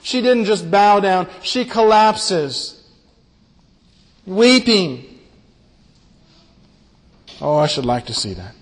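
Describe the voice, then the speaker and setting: A man preaching a sermon in a fairly high voice, earnest and often repeating his words. He slows down and falls soft on key phrases, and his voice rings with the long reverb of a large hall. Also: very animated. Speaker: pastor. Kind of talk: sermon on a Bible passage.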